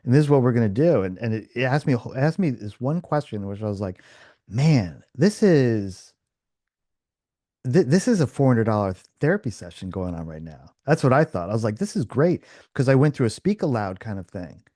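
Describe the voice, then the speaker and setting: A man's voice: medium pitch, fairly quick, dry recording, studio quality. A man hosting a podcast, telling a story in casual chat, full of restarts and fillers and acting out the dialogue he quotes. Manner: animated, acts out quoted dialogue. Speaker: podcast host.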